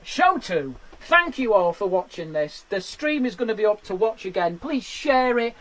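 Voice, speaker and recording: A man's voice: sits high, very animated, moderate pace, a bit bright, low-quality recording. A man, a stand-up comedian, chatting and laughing through the end of his live-streamed show from a garden shed into a webcam. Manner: chatty, self-deprecating, laughs at his own lines.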